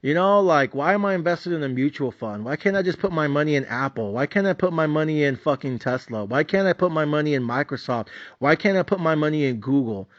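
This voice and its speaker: A man's voice: on the high side, animated, a little fast, dry recording, highs cut off. A man hosting a podcast, telling a story in a casual, profane, fired-up way with lots of slang. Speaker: podcast host. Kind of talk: casual monologue.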